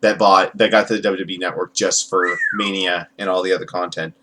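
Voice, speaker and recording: A man's voice: low-pitched, level tone, a little fast, background noise. A man hosting a casual TV review podcast, rambling and profane, acting out the people he quotes. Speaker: podcast host.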